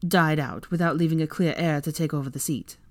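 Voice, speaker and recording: A woman's voice: deep voice, steady tone, a little fast, a little mellow, no echo, lightly acted. A woman voicing an irreverent, teasing young wizard in a fan-fiction audiobook, dry and wry.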